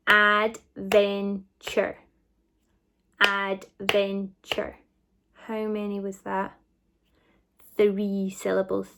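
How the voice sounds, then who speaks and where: Scottish lady primary teacher, really slow careful sounding out, lots of praise. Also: mid-range voice. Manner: slow, clear, encouraging sounding-out. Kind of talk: recorded phonics lesson for children.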